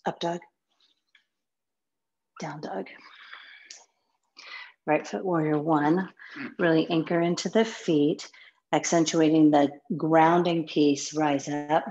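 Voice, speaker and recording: Woman yoga teacher, slow spare cues, slightly low voice, practicing along; muffled lo-fi home recording. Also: slight background noise. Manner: calm, sparse one-word cues, some soft whispered counts. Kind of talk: guided yoga class cues.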